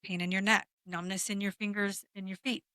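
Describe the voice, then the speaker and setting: A woman's voice: medium pitch, little pitch movement, a little fast, sharp tone, no echo. A woman energy healer talking frankly in a casual podcast chat, explaining with the odd swear word.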